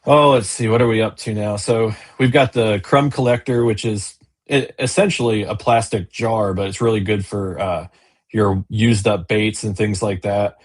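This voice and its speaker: A man's voice: on the low side, steady tone, normal speed. A man, a business owner and kayak angler, chatting casually in an interview over a video call, rambling with fillers and restarts.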